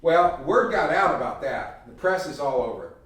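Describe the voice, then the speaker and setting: A man telling a lively, folksy story in a talk, acting out the voices of the people in it. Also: fairly high pitch, normal speed. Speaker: speaker giving a talk. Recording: echoey hall, heard from a distance.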